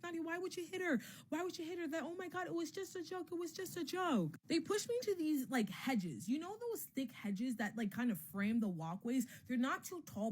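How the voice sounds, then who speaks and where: Young woman telling a storytime, candid and profane. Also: mid-range voice. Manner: candid and profane, heavy on filler words; emotionally animated retelling. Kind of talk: casual storytime vlog.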